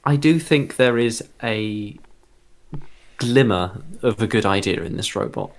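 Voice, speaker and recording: A man's voice: lowish voice, expressive, measured pace. A man hosting a casual group chat, talking in a thoughtful way with lots of fillers and hedges. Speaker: podcast host.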